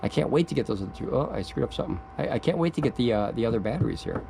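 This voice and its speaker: A man's voice: medium pitch, lively intonation, racing, gravelly, mellow, a little hiss or hum, low-quality recording. A man making an off-the-cuff product review video outdoors, rambling and stammering, getting giddy and laughing as he talks.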